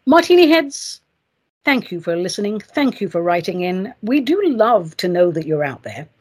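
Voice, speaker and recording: A woman hosts a chatty solo podcast with a husky edge to her voice. Her pitch swoops up and down all the time, and she talks in a playful, theatrical, gushing way. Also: sing-song, moderate pace, a little mellow. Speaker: podcast host.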